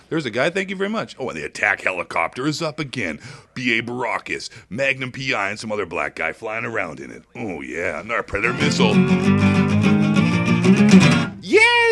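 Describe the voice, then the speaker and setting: A man delivers crude, comedic gameplay commentary, hyper and swinging between squeaky highs and low mutters. His tone is creaky, bright and forceful.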